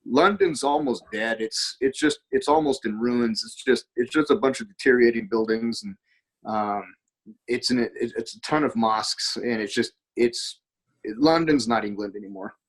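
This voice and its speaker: Husky man telling stories. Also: mid-range voice, moderate pace, rough recording. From United States. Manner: rambling anecdotal storytelling. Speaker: podcast guest. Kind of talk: casual conversation.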